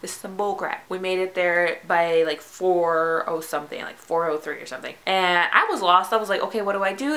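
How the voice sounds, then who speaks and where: Bright fast-talking young woman vlogger. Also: medium pitch. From United States. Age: young adult. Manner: chatty, full of "like" and acted-out quotes. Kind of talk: casual storytime vlog.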